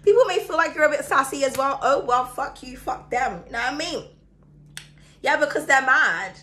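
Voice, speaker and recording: A woman giving a chatty, excitable tarot reading to her viewers, her throat sore and coughing now and then. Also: high-pitched, normal speed. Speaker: tarot reader. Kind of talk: casual astrology reading to camera.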